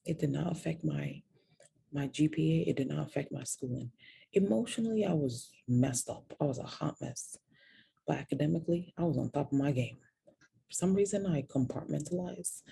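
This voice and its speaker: Her voice sits low, warm yet gravelly and slightly rough, as she confides a personal story to her vlog audience. She speaks openly, occasionally lowering to a whisper when the details hurt.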